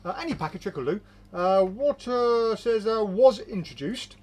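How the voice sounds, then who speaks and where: High-voiced man reading comments. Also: expressive, normal speed, darkish tone. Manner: reads comments aloud with chatty asides, laughs easily. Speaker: host of a magic shop's live show. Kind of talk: casual live-stream chat reading viewer comments. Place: magic shop studio.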